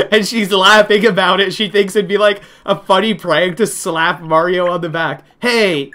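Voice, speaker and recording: A man's voice: a little high, normal speed, pushed and bright, soft background music. A man giving comedic let's play commentary, reading game text aloud and reacting with laughs and playful mock outrage. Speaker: gaming commentator.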